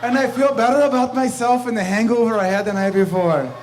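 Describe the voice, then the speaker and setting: A man's voice: very high-pitched, brisk, low-quality recording. A man giving a brash, rambling roast toast at a club party, laughing between his jokes. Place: banquet room with guests. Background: crowd laughing.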